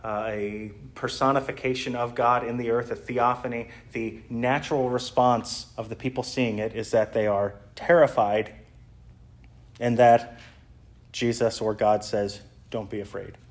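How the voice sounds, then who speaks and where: A man's voice: medium pitch, flat delivery, measured pace. A male pastor preaching in an easygoing, conversational way. He explains a Bible passage with many fillers and restarts. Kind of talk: sermon.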